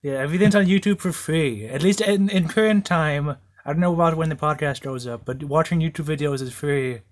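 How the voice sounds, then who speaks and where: A man's voice: a little high, brisk. A young man co-hosting a podcast, chatting in a laid-back, hesitant way. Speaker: podcast co-host. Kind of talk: casual chat.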